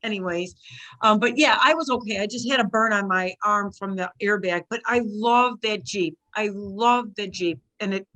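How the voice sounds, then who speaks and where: A woman on a casual talk show, telling a story of her own and acting out what she said at the time. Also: normal speed. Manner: animated, acts out her own past lines in a shrill cry.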